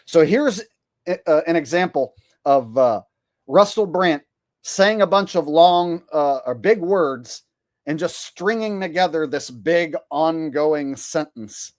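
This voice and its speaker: A man with a slightly high voice rants bluntly and sarcastically, swearing often. The recording is dry and close, with no room sound. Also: expressive, slow pace, no echo. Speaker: comedian commentator. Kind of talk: profane rant to camera.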